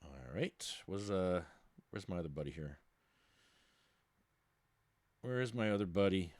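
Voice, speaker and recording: A man's voice: sits low, lively intonation, measured pace, a little mellow, no echo. Blunt man ranting as podcast host. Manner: rambling, blunt, with many restarts and fillers. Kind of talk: casual ranting talk show monologue.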